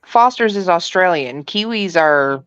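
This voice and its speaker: A woman hosting a casual stream chat, teasing the others with quick questions. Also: fairly low pitch, animated, fairly bright tone, smooth, no room sound. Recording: dull lo-fi mic.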